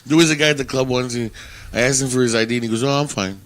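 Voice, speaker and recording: A man bantering casually on a podcast, with a middle-pitched voice. He laughs easily and keeps the talk crude and joking. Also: steady tone, racing, fairly bright tone. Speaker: podcast co-host.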